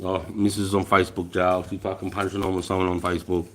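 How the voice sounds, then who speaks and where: Speaking low, flat and fast, a middle-aged Australian man who served in the army tells war stories on his livestream. He curses a lot and laughs along the way in this casual storytelling.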